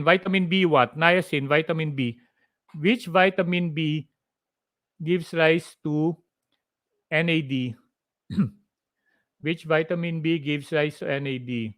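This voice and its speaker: A man's voice: fairly high pitch, unhurried, fairly bright tone, no room sound. A man with a Filipino accent giving a live-streamed biochemistry review lecture, mixing English with Tagalog asides and quizzing viewers with mnemonics. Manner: drills answers with mnemonics and Taglish asides.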